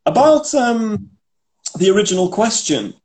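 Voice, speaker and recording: A man talks casually on a podcast, telling stories and explaining words along the way. His voice sits a little high for a man, with a mellow, unhurried tone. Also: big pitch swings. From England (Manchester). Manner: chatty, storytelling, explains idioms. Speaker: podcast co-host. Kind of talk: casual chat.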